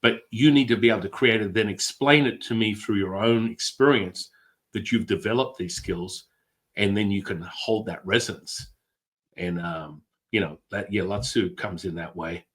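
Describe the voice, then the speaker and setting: A middle-aged man, a guest, telling stories with excitable energy and casual swearing. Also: on the low side, normal speed. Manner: excitable, swears, acts out quotes in other voices. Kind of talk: animated storytelling.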